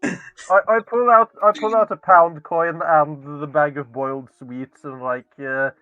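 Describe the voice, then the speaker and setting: A man's voice: a little high, fairly even intonation, a little slow, dry recording, faint music behind. A man playing a tabletop horror game, chatting and easily amused. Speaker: player. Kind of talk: casual tabletop chat. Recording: dry, dull lo-fi mic.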